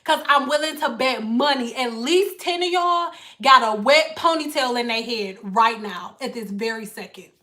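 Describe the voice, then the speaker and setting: A woman hair stylist chatting casually to live viewers, animated and blunt, swearing freely and slipping into playful put-on voices. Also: a little high, moderate pace, few pauses.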